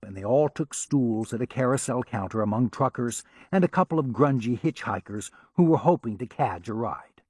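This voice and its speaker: A man narrating an audiobook in a measured, wry storytelling manner. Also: mid-range voice, a little mellow, no room sound, clean studio sound. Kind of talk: scripted narration.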